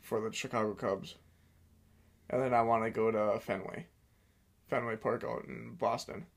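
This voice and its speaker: A man's voice: on the low side, fairly even intonation, moderate pace, vocal fry. A young man co-hosting a podcast, chatting casually in a nasal voice and laughing often. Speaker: podcast co-host. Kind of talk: casual chat.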